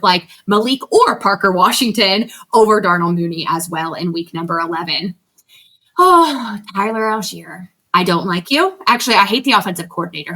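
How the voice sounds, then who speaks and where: A woman co-hosting a fantasy football podcast in casual chat, animated and blunt, swearing casually as she rants. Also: mid-range voice.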